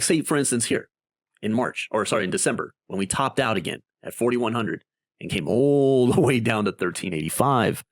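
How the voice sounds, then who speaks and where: Sharing his screen, a medium-pitched man hosts a casual crypto investing explainer, animated and conversational, often ending lines with "right?". The sound is clean and studio-like, with no echo.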